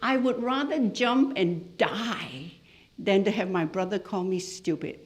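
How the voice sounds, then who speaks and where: A middle-aged woman from Malaysia lecturing a class as a hypnotherapist. She tells stories in an animated way, her pitch swinging widely as she goes. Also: measured pace. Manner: storytelling, lively and animated, with laughs. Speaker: hypnotherapist giving a talk.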